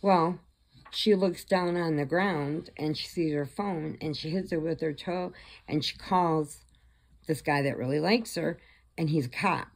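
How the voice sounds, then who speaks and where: A woman's voice: deep voice, measured pace. A woman vlogger chattily retelling a horror film plot, acting out the characters along the way. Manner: chatty, animated, acts out the characters' voices. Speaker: crochet vlogger.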